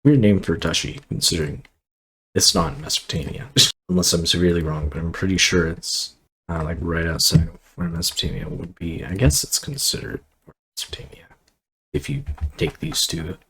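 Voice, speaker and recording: A man's voice: low voice, very animated, fairly quick, gravelly, fairly bright tone, breathy edge, rough recording. A man casually commenting on his strategy game as he plays, thinking aloud and rambling with fillers and asides. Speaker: gameplay commentator.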